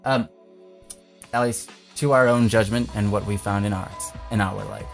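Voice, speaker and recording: A young man hosting a casual advice chat, upbeat and earnest, and quick to laugh. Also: lowish voice, steady tone, gravelly, over music. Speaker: host.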